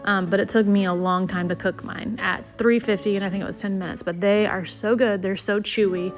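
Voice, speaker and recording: A young woman, a vlogger and mother of six, narrates her home cooking in a brisk, medium-pitched voice with fairly even intonation, faint music behind. She's slightly out of breath and rambles casually with plenty of fillers.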